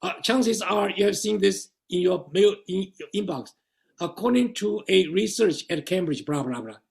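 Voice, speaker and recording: Chatty man with a gravelly, high voice. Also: normal speed. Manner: chatty, laughing, stumbling restarts. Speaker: lecturer. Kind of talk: seminar lecture.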